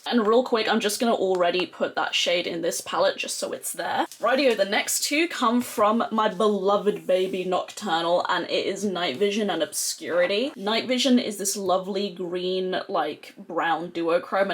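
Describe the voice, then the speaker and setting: A young adult woman who talks chattily and excitably as a beauty vlogger, with lots of "like" fillers. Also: on the low side, slight background noise. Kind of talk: casual chatty tutorial.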